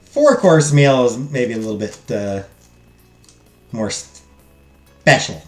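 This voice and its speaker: A man's voice: mid-range voice, animated, takes it slowly. A young man joking around as he plays a story game and reads its text aloud. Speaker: gaming streamer. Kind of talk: let's play commentary. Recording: echoey room, faint music.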